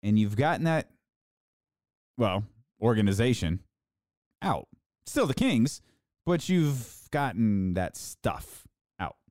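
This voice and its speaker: A man's voice: on the low side, very animated, takes it slowly, long pauses, a little mellow, no echo, studio quality. A man hosting a sports podcast, ranting casually and mocking fans in a raised voice.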